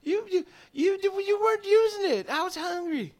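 A man's voice: very high voice, moderate pace, darkish tone, pitched above the performer's own voice. A man voicing a hungry, childlike female cat creature who whimpers her apologies. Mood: pleading.

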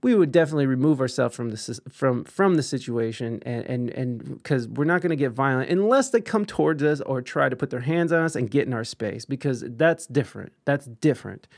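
A man's voice: medium pitch, expressive, a little fast, creaky, hardly any pauses, a little mellow. A young man in casual chat, telling a story with lots of swearing, restarts and self-deprecating humor.

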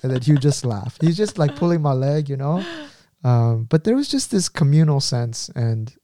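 A man telling stories in casual conversation, rambling with many fillers and breaking into quick impressions. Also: mid-range voice, expressive, warm tone.

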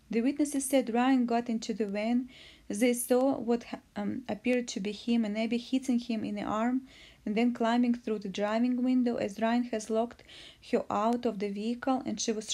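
A woman reading a case recap aloud, halting with slips and restarts. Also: on the high side, dark tone. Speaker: narrator.

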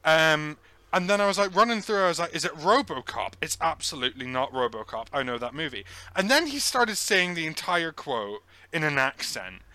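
Bright, animated man pleading his case. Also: fairly high pitch, moderate pace, no room sound. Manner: animated, boastful, argumentative. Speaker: podcast co-host. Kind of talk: casual podcast chat.

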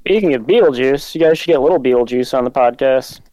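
A man's voice: medium pitch, quick pace, mellow, no echo, rough recording. A man joining a podcast as a guest over a remote connection, laid-back and joking. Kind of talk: casual chat.

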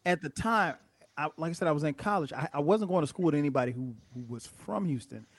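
A man's voice: fairly high pitch, lively intonation, fast talker, no echo. A middle-aged man co-hosting a podcast, chatting casually about a movie and thinking aloud with many restarts. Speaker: podcast co-host.

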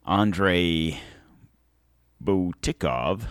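Deep-voiced man ranting on his show. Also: expressive, drawn-out words, a bit bright, clear, resonant tone, dry recording, clean studio sound. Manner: rambling, heated and sarcastic. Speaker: show host. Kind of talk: political commentary monologue.

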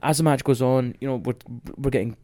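A young Scottish man recapping a wrestling match in casual, excitable, sweary podcast chat. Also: mid-range voice, fast, no room sound.

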